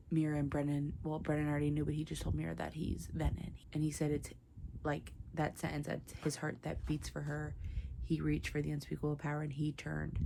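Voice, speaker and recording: A young woman with a low, gravelly voice, talking to herself in a casual reading vlog. She is tearful and exclaims, mutters and half-whispers as she recaps the plot. Steady background noise sits under a plain home recording. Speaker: book vlogger.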